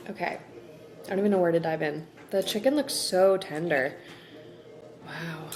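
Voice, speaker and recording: A woman's voice: on the low side, moderate pace, pauses often, background noise. A young woman chatting casually to the camera in a home vlog, bubbly and full of "like". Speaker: vlogger. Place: at home, kitchen and bedroom.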